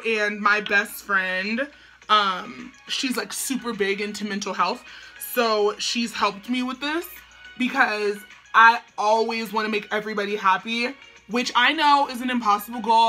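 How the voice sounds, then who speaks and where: A woman's voice: on the high side, bright, forceful tone. A young woman chatting casually to camera at home as she does her makeup, slangy and full of "like". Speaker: beauty vlogger.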